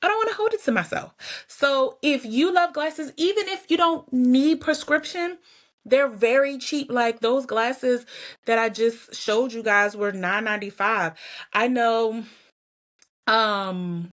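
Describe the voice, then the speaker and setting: A woman's voice: a little high, a little slow, a bit bright. Chatty woman fighting back tears. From Georgia, US. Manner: chatty, candid, laughs and sighs often. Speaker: podcast host. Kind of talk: casual personal vlog talk.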